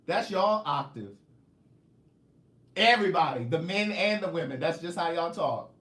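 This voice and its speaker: A man's voice: fairly high pitch, unhurried, echoey room. A man author chatting casually on a live stream, telling stories and teasing his viewers. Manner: animated storytelling, joking, teasing viewers.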